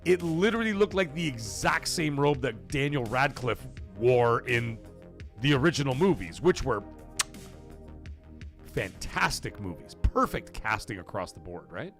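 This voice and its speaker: A man's voice: mid-range voice, lively intonation, unhurried, fairly bright tone, faint music behind. A man hosting a livestream, chatting casually and profanely in a rambling way while reading chat messages. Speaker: livestream host.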